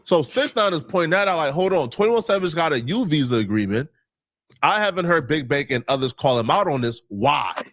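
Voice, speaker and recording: A man walking listeners through a point in casual, explanatory talk. He leans on key words. His voice sits a little high, and the recording is dry. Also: sing-song, brisk, fairly bright tone, no echo. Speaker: commentator.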